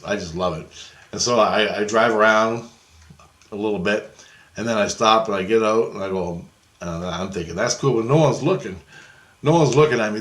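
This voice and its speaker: A man telling a long dream story in a casual, rambling monologue, swearing often and tossing in "right?" asides. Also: lowish voice.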